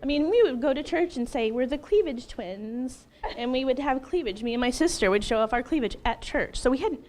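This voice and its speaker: A middle-aged woman in an interview, telling her personal testimony in an emotional, animated way, laughing often and acting out what she once said. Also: high voice, fast talker. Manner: animated, laughs often, acts out her own past words.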